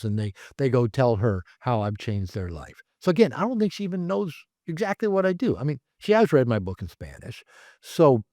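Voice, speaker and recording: Guy rambling thru stories in an interview, voice jumps around a lot, dead dry sound, mid pitch. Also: no room sound. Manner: animated, rambling, many "you know" fillers. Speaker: therapist and author, interview guest. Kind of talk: casual conversational storytelling. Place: his home.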